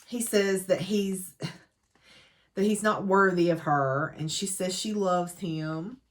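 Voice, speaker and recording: A woman's voice: on the low side, slow. A woman gives a casual, chatty book recap full of dramatic asides. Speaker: book reviewer.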